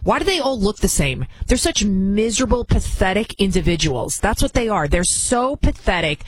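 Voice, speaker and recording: Husky-voiced indignant commentary host. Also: medium pitch, lively intonation, moderate pace, rough recording. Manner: indignant, rambling, frequent restarts. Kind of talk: opinion commentary.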